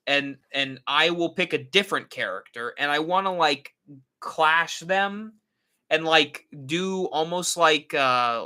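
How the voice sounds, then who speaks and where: A man's voice: fairly high pitch, bright, forceful tone. A man hosting a casual live stream, rambling and answering viewer comments. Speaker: horror channel host.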